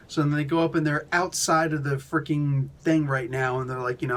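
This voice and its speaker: A man's voice: on the high side, level tone, a little fast, hardly any pauses. A man reviewing a comic book in casual chat, retelling the plot with exasperated sarcasm and many fillers.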